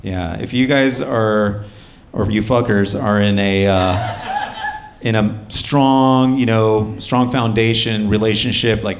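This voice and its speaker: A man's voice: lowish voice, steady tone, slow, slight background noise. Wry male stand-up comic. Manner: wry, loose delivery with laughs and fillers. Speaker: stand-up comedian. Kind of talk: stand-up set.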